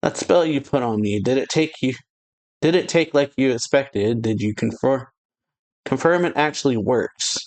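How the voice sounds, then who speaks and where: A man reading out a sly, playful male vampire in a teasing, lightly mocking tone, a little higher than his own voice. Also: normal speed, a little mellow, natural voice.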